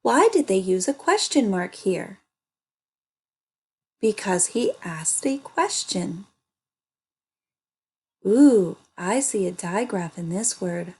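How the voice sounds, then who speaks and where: A woman teaching an early reading lesson, speaking slowly and sounding out words for young children. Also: mid-range voice, expressive, a little mellow, husky.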